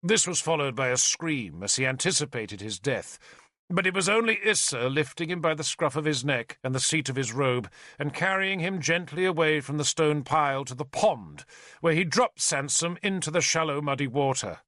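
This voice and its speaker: A man narrates an audiobook with expressive, storytelling flair. His voice sits on the high side and moves at a normal speed, recorded clean in a studio with no echo.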